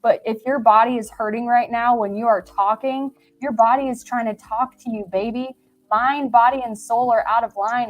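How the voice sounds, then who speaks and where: Emphatic woman, somewhat high voice. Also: moderate pace, low-quality recording. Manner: emphatic, energetic, motivational. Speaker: podcast guest. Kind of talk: casual chat.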